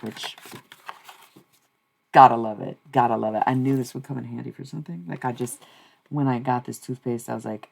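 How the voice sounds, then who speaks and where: Brief: streamer voice, gravelly and slightly husky, searching and repetitive, casual swearing. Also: medium pitch, darkish tone. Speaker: live streamer. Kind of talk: rambling spiritual musing.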